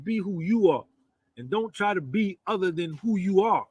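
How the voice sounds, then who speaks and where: A man's voice: high voice, expressive, moderate pace, darkish tone, breathy edge, dry recording. Swaggering New Jersey man in his fifties. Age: 50s. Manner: swaggering, rambling, peppered with "you understand" and "man". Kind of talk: boastful monologue.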